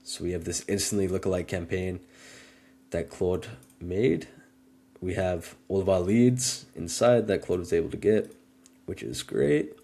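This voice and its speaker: A man with a lowish voice walks through his screen in a casual chat. He explains each step in a relaxed, easy way. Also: unhurried. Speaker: guest demonstrating software. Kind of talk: casual screen-share walkthrough.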